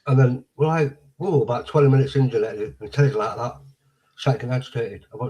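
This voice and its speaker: A man's voice: medium pitch, steady tone, fairly quick, mellow, rough recording. A blunt man tells stories in casual chat. He acts out both sides of the exchanges in a middling voice, and he swears now and then.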